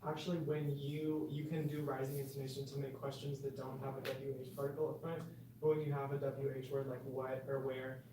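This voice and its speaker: A man's voice: medium pitch, completely flat delivery, brisk, background noise. A man in the audience adding a point during a lecture discussion, in a casual way. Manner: casual, offers a counterpoint. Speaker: audience member. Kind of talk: classroom discussion. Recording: very echoey room, distant mic.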